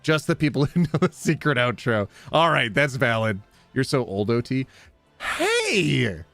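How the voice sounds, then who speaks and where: A man's voice: mid-range voice, normal speed, no room sound, faint music behind. A man chatting casually on a livestream, joking and laughing often. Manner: giggly, joking and animated, with playful put-on voices. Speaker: streamer.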